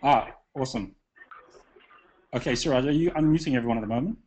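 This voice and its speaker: A man hosting a live online call, upbeat and chatty, often pausing with fillers and restarting sentences. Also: mid-range voice, darkish tone, a little hiss or hum. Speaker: webinar host.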